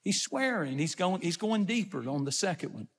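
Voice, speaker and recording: A man's voice: high-pitched, lively intonation, normal speed, in a large hall. A man preaching a sermon, retelling scripture and explaining it in plain everyday words. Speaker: pastor.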